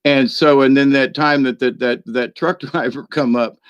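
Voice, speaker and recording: In a mid-range voice that is steady, clear, and resonant at a normal speed, a man rambles through a story for his spiritual channel. He sits at home by his computer, chuckling frequently and leaning on "you know." The audio is dry, a touch dull, and lo-fi, with no room sound.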